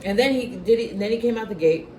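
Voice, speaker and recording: A woman's voice: fairly high pitch, fast, crowd noise. A woman telling a heated personal story in casual conversation, swearing often and restarting her sentences. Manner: profane, agitated storytelling with many restarts. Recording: echoey room with loud background noise.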